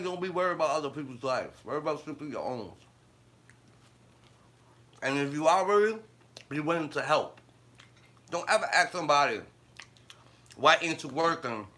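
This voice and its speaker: Laughing often, a man rants through blunt, profane, slangy stories on a casual live stream. His voice is on the high side, expressive and brisk yet full of pauses, with a bright, forceful tone.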